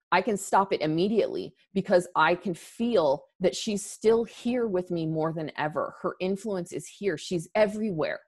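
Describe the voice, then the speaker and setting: She has a lowish, darkish voice, a woman in her thirties in a candid podcast conversation. Earnest and emphatic, she keeps restarting her thoughts and seems near tears.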